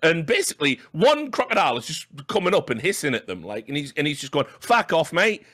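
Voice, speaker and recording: A man's voice: a little high, wildly swooping pitch, quick pace, a bit bright. A man hosting a casual esports podcast, telling rambling, swear-filled anecdotes with stammered restarts. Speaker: podcast host.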